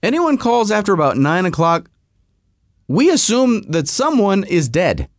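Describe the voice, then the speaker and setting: A middle-aged man rants through a comic story, his voice jumping up and down in pitch. He sits a bit high for a man and sounds close and dry, with no room around him. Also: measured pace, no room sound. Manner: animated, exasperated storytelling. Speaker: podcast host. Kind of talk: comic monologue.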